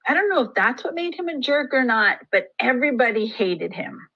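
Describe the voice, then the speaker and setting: A woman's voice: a little high, sing-song, brisk, vocal fry, pushed and bright, dull audio. A woman history teacher giving a recorded lesson, chatty and full of joking asides. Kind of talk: classroom lesson screencast.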